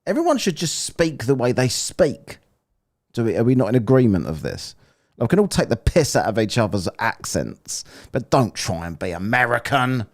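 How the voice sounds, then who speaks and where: A man's voice: medium pitch, sing-song, normal speed. A British man hosting a live stream, joking bluntly and swearing casually as he reads viewer messages. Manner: jokey, blunt and sweary, with exaggerated mock voices. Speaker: live stream host reading super chats.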